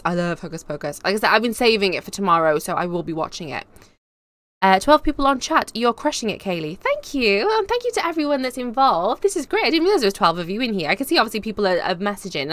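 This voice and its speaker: A woman's voice: medium pitch, fairly bright tone, dry recording. A young woman hosting a casual live stream, reading out chat comments and rambling cheerfully with lots of fillers. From England. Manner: chatty, bubbly, rambling with fillers. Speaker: YouTube host.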